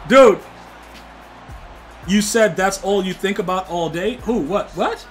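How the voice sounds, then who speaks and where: A young man streaming a football video game, talking slangy trash to his chat and yelling at plays. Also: sits high, unhurried, faint music behind. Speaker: gaming streamer. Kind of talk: live game stream commentary.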